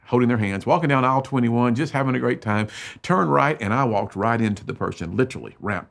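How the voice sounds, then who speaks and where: A middle-aged man giving an emotional storytelling talk to students as a motivational speaker, swinging between loud emphatic bursts and hushed low lines.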